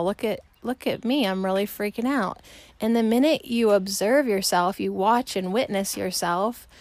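Gravelly-voiced woman chatting casually. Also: mid-range voice, no echo. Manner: rambling, laughs often, chatty. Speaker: podcast host. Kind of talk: casual solo chat. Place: outdoors on a porch.

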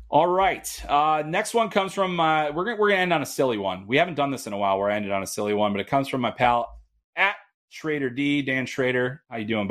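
Chatty male hockey podcast host. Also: medium pitch. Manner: loose and chatty, with frequent ums and restarts. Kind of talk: casual solo podcast talk.

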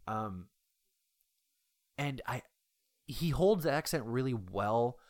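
A man's voice: mid-range voice, expressive, takes it slowly, darkish tone. A man in casual conversation about movies, rambling and hesitant with many restarts.

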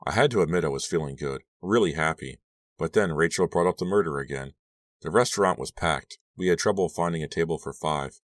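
A man narrating an audiobook in a steady, even reading. His voice is deep and low. The recording is dry and close, with no room sound. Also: fairly quick, dry recording. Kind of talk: scripted narration.

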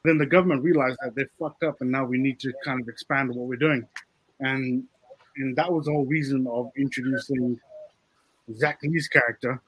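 A man, a film director and writer, talking casually in an interview and explaining his ideas in a relaxed way. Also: mid-range voice, moderate pace, slight background noise, poor audio.

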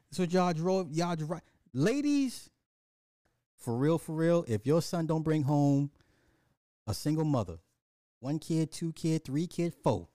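A man's voice: a little high, sing-song, slow, pauses often, warm tone, no echo, studio quality. A man hosting a casual livestream, ranting profanely and animatedly, laughing and talking to his chat. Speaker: livestream host.

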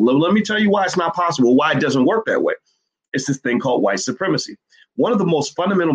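Husky man ranting commentary. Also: medium pitch, highs cut off. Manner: heated, repetitive, ranting with sudden loud outbursts. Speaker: online commentator. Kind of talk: casual spoken commentary.

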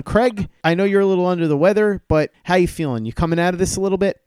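A male podcast host introducing segments and reading sponsor ads in a brisk, upbeat way. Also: sits high, a little mellow, clean tone, dry recording. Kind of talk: podcast hosting with sponsor reads.

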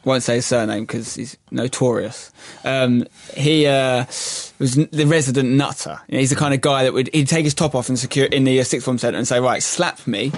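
A man from England, a podcast guest telling a story in casual chat, animated and laughing as he goes. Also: mid-range voice, a little fast, hardly any pauses, no echo.

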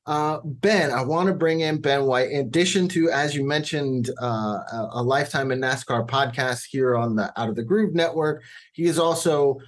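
A man's voice: mid-range voice, normal speed. Enthusiastic male podcast host. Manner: enthusiastic, rambling introduction with fillers. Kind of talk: casual podcast chat.

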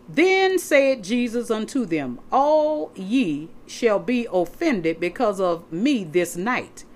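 Animated woman preaching a sermon. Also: medium pitch. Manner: emphatic, repeats words for stress, addresses listeners as saints; reads scripture aloud from notes and flips pages. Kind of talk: sermon with scripture reading.

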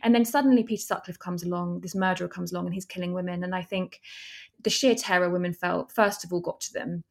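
A woman's voice: lowish voice, fairly even intonation, fast, gravelly. Earnest woman explaining. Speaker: documentary filmmaker. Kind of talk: interview answers.

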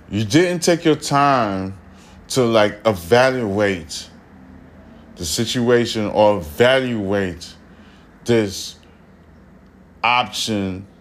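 A man hosting a podcast, ranting casually with heavy swearing and slightly slurred, tipsy speech. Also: on the low side. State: slightly drunk. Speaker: podcast host. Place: studio room behind glass.

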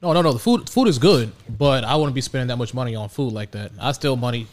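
Male co-host, quick talker, brief offhand replies. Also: mid-range voice, animated. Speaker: podcast co-host. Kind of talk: casual podcast chat.

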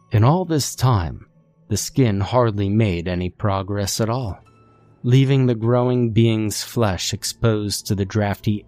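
A man calmly reading a horror story as its narrator, in a measured, steady delivery. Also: on the low side.

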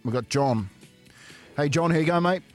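Matey Kiwi radio quizmaster. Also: male voice, on the high side, faint music behind. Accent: New Zealand. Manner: matey, jokey, a little halting. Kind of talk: casual radio quiz banter. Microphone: phone line into studio.

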